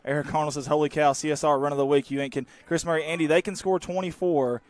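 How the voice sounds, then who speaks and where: A man calling a local high school football game, folksy and excitable, bursting into shouts on big plays. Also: fast, no echo. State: out of breath. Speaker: play-by-play announcer.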